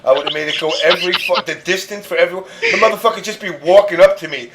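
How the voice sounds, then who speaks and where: A man's voice: high voice, fast, a bit bright, low-quality recording. A man hosting a casual gaming podcast, boasting and joking brashly. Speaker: podcast host.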